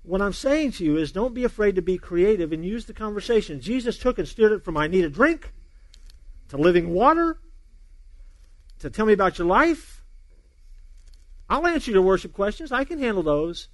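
Middle-aged male pastor, high voice, very expressive storyteller, dry close sound. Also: moderate pace, pauses often, no room sound. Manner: animated storyteller, acts out dialogue, laughs along. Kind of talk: sermon with a humorous personal story.

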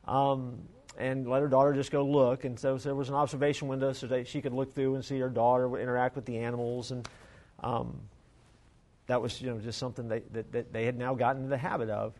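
A male pastor telling a story in a sermon and leading a prayer, earnest and conversational, dropping to a hush. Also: medium pitch.

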